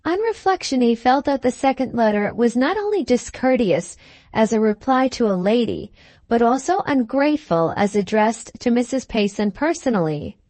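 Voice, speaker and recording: A woman narrating a Victorian novel as an audiobook in a measured, even storytelling manner. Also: on the high side, no room sound.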